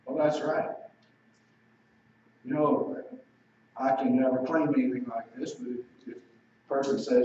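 A man preaching a sermon, pressing his point with rhetorical questions and slowing down for scripture and key lines. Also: mid-range voice, darkish tone. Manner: emphatic, asks rhetorical questions. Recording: very echoey room, distant mic, dull lo-fi sound.

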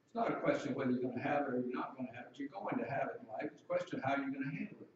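A man's voice: medium pitch, rapid-fire, very echoey, distant mic, dull audio, slight background noise. A man preaching a sermon in a conversational way, asking the congregation questions.

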